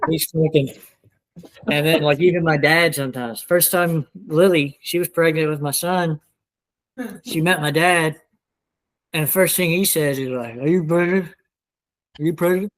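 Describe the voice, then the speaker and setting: A young man with a twangy South Louisiana accent talks loosely as a podcast guest, his voice sitting a little high. He rambles, swears freely and fills the gaps with likes and uhs. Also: measured pace, pauses often, fairly bright tone, low-quality recording. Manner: rambling, profane, full of fillers. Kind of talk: casual chat.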